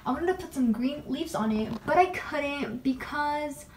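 A young woman with a high, girlish voice chats to her handheld phone camera. She talks in a bubbly, rambling vlog style full of "like" and "literally." A faint hum of surroundings sits behind her. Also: animated, a little slow. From Texas. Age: young adult. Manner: chatty, bubbly, lots of "like" and "literally". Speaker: vlogger. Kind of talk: casual vlog. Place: college campus and dorm room.

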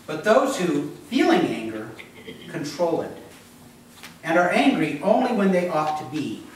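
A man's voice: a little high, big pitch swings, a little slow, heavy reverb, distant mic, a little hiss or hum, poor audio. A man preaching a sermon as pastor, talking conversationally, quizzing the congregation and acting out voices. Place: church.

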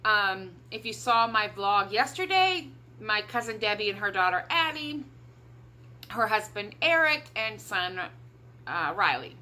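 A woman's voice: mid-range voice, sing-song, measured pace, pushed and bright. A middle-aged woman with a Midwestern American accent chatting casually in a haul vlog, upbeat and rambling, talking around a cough drop. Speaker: vlogger.

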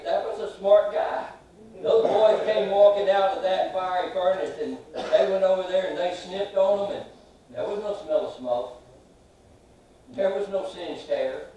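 A high-voiced preacher rises to ringing, stretched-out shouts and drops to quiet asides, asking the congregation questions. He is heard from a distance, and the sound rolls around a very reverberant church hall. A faint hiss sits underneath. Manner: swings from loud, drawn-out shouts to soft asides; asks the congregation questions and has them repeat after him. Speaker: pastor. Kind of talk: sermon. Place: large church sanctuary. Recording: very echoey hall, heard from afar.

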